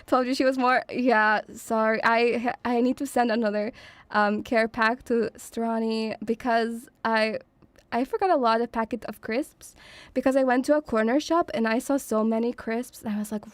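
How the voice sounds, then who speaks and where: A woman's voice: on the high side, fairly even intonation, normal speed, no echo. A woman streaming as a VTuber, chatting in a playful, doting, rambling way. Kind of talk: casual debut stream chat. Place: home room, near pubs.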